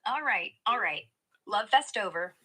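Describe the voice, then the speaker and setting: A synthetic woman's voice acting as a chat assistant, giving playful, breezy, slangy replies full of flattery. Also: mid-range voice, a little slow, very noisy. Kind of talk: upbeat conversational replies.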